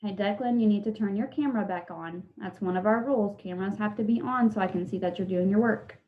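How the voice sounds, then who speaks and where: A woman teacher giving an online spelling lesson over a video call, dictating words slowly and drawn out, patient and encouraging with her class. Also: mid-range voice. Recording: dull lo-fi video call audio.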